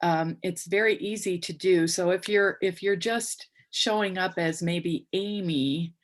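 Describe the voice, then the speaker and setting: A woman hosting a memorial on a video call, polite and a little halting, with many fillers as she manages the call. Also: lowish voice. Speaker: memorial host.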